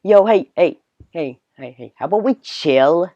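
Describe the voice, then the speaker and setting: A man putting on a loud, swaggering young New Jersey party guy in a put-on New Jersey accent. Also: on the high side, animated, measured pace, no echo. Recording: dull, dry, lo-fi recording.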